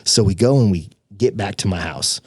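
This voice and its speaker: A young man with a fairly low voice tells his story on a podcast. He is animated and voices the people in his tale. His voice sounds dry and close to the microphone. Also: moderate pace, husky, no room sound. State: tearful. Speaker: podcast guest. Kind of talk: emotional personal storytelling.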